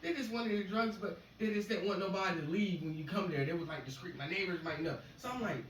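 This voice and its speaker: A man's voice: high voice, quick pace, hardly any pauses. Profane, rambling man telling stories. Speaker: stand-up comedian. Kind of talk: casual storytelling stand-up. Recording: echoey room, far mic, noisy.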